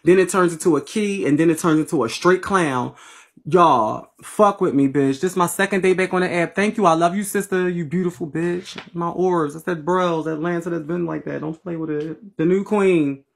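Talking into her phone on a livestream app late at night, this Philadelphia host jokes with sassy, slangy profanity and thanks her viewers. She speaks at normal speed in a lowish voice with vocal fry.

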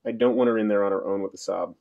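A man reading an audiobook, voicing a sour, defensive older man who talks in a gruff mutter. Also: fairly low pitch, steady tone, racing, narrow, tinny audio. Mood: grumpy.

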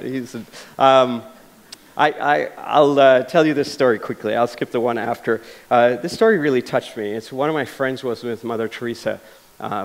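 A man's voice: mid-range voice, gravelly. Earnest man giving a lecture. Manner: earnest storytelling with frequent restarts and fillers. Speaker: lecture speaker. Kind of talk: public lecture. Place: lecture hall.

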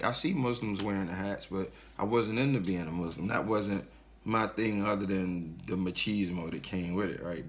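An online commentator with a fairly low, slightly bright voice delivers an angry, profane religious rant straight to camera, preaching at his audience and mocking as he goes.

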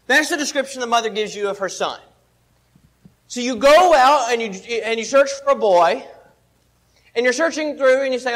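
A man's voice: very high voice, normal speed, long pauses, a bit bright, low-quality recording. A man preaching a sermon at a church service, explaining his points earnestly and step by step with everyday illustrations.

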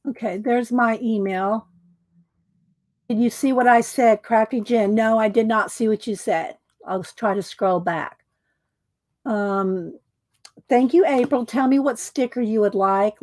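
Chatting to viewers by name, a woman hosts a laid-back craft livestream in a voice on the high side. She says um a lot and keeps clearing her throat.

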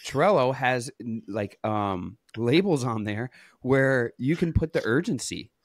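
A man's voice: mid-range voice, lively intonation, unhurried, no echo, studio quality. A man hosting a podcast interview, telling stories in a casual, rambling way that often breaks off and restarts. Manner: rambling, self-interrupting storyteller. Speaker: podcast host.

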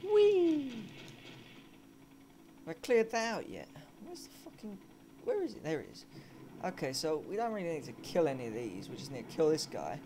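A man's voice: fairly high pitch, wildly swooping pitch, brisk, a little mellow. A man giving casual let's-play commentary as a gamer, cursing and chatting to himself as he plays. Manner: cursing, chatty, mutters at the game. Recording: game sounds and engine noise under the voice.

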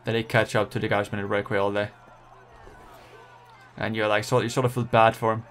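A man's voice: on the low side, brisk. A young man giving live commentary over his own gameplay, pleading, groaning and cheering at the race on screen. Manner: excitable, pleading and groaning at the game. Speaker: gaming channel host.

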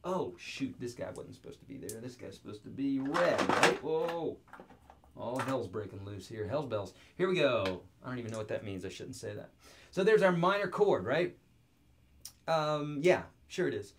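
A man's voice: medium pitch, very animated, normal speed, slight background noise. Upbeat joking male guitar teacher. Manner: upbeat, joking, talks straight to the viewer. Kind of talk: online video lesson.

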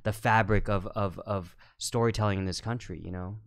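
Low-voiced man telling stories loosely. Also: fairly even intonation, normal speed. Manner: rambling storyteller, quotes others, lots of fillers. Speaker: guest filmmaker and actor. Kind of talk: casual podcast chat.

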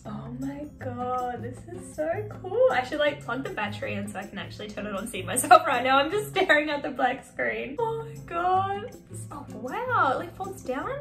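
Giddy high-voiced young woman vlogger. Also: animated, a little fast, a bit bright, faint music behind. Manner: giddy, laughing, gushing. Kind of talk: excited unboxing vlog.

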